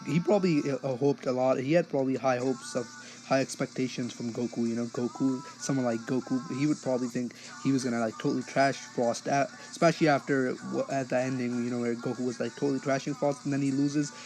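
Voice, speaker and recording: A man's voice: medium pitch, fairly even intonation, fast talker, few pauses, darkish tone, low-quality recording. A man giving a casual spoken episode review, rambling along with many fillers and restarts.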